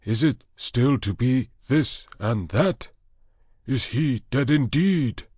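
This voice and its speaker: A man voicing an excitable monkey-man creature in an audiobook, who asks anxious, shrill questions. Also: takes it slowly, slightly rough, dry recording, clean studio sound.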